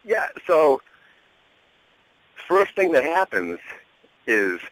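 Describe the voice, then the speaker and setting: A middle-aged man telling a lively backstage story as a radio guest, acting out the people in it and laughing often. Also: a little high, very slow, no room sound, low-quality recording. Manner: animated storyteller, laughs often, acts out quotes. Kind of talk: casual anecdote over a radio show.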